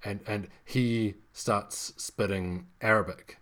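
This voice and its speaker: A man's voice: fairly low pitch, steady tone, slow, fairly bright tone. A man co-hosting a podcast, discussing a film in casual chat with many restarts and fillers. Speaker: podcast co-host.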